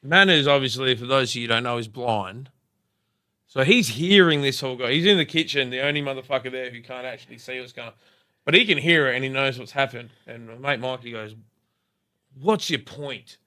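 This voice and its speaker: Bright-voiced Australian man telling a story. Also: medium pitch, fairly quick. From Perth, Australia. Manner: swears freely, lots of filler likes, animated retelling. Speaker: podcast guest, rapper. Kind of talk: casual storytelling.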